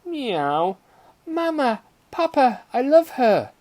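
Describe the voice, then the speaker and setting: A man's voice: medium pitch, very animated, a little slow, a little mellow, pitched above the performer's own voice. A man doing a cruel little storybook girl. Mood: sweet. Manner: cute sing-song turning to a snarl.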